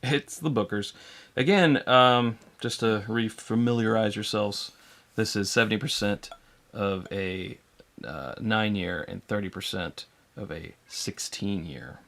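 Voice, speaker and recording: A man co-hosting a whiskey tasting livestream in relaxed, chatty talk, laughing often. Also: fairly low pitch, a little slow. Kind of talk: casual chat.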